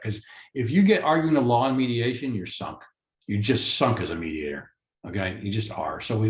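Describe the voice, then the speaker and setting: A man who works as a mediator gives a lecture-style talk for course credit, animated and ranting, with many rhetorical questions. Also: mid-range voice. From Florida. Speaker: mediator and lawyer. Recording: roomy echo.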